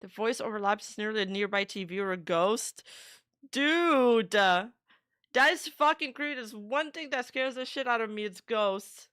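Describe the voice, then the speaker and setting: Young woman streamer, mid-pitched smooth voice, loose chatty delivery with casual swearing, dry sound. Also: moderate pace, fairly bright tone, no room sound. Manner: chatty, swears freely, many "like" fillers. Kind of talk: casual reaction commentary.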